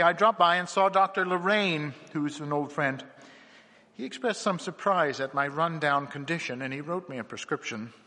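A narrator reads a dark horror story in a husky voice with a bright edge. His delivery is tense and dramatic, sinking low and rising high. A long hall reverb trails after each line.

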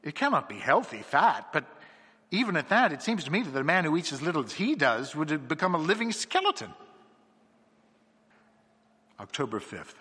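Husky man reading a horror tale. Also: a little high, huge pitch swings, normal speed, pauses often, sharp tone. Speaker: narrator. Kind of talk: dramatic horror story reading. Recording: long hall reverb.

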